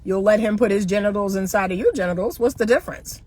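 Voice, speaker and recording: A woman's voice: mid-range voice, fast, darkish tone. A middle-aged woman, a relationship coach, talking to camera in a blunt, emphatic, lecturing way and hammering points home with repeated rhetorical questions. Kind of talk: opinionated monologue to camera.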